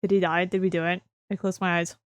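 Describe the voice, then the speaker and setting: A woman streaming a video game, commenting excitably and repeating phrases over and over into a close microphone. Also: fairly low pitch, quick pace, noisy background. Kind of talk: let's play commentary.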